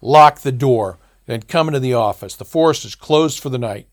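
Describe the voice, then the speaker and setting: A man's voice: mid-range voice, normal speed, no room sound, clean studio sound, natural voice. A man voicing a sleazy, contemptuous male bar owner in an audiobook, speaking in a stern, clipped, accusing way. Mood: commanding.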